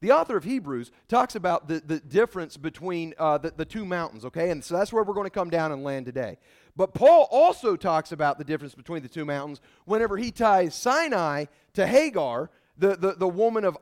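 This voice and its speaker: A man preaching a sermon in a casual, folksy way, emphatic and animated, swinging between loud outbursts and quiet asides. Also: sits high, brisk. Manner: casual folksy phrasing with many restarts.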